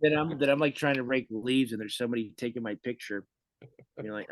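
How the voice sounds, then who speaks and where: A comedian in casual podcast chat, an animated storyteller who swears and laughs a lot. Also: male voice, medium pitch, quick pace, rough recording. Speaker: comedian guest.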